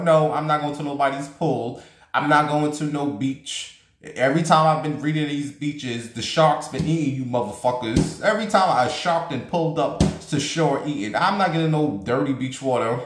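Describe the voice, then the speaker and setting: Fast-rambling blunt man in a roomy space. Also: mid-range voice, a little hiss or hum. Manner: rapid excited rambling, blunt and profane. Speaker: vlogger. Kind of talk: casual chat to viewers.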